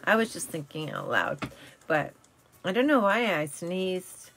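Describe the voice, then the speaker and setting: A woman hosting a casual live stream, chatty and self-correcting, telling corny jokes and riddles, her voice slightly raspy from talking all day. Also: on the low side, sing-song, unhurried, fairly bright tone, a little hiss or hum. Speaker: live show host.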